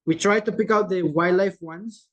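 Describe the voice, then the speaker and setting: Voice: mid-range voice, highs cut off. Chatty virtual game host asking "right?". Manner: tags many lines with "right?", loose and chatty; repeats each clue slowly, reading out answers from the chat. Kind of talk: casual hosting of a chat quiz game. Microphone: video call.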